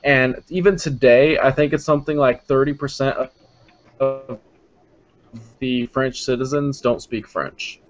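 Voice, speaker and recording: American dude joking around in a chat, muffled lo-fi mic. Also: male voice, mid-range voice, fairly even intonation, a little slow, faint music behind. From United States. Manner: joking, with laughs between points. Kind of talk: casual chat. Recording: dull lo-fi sound.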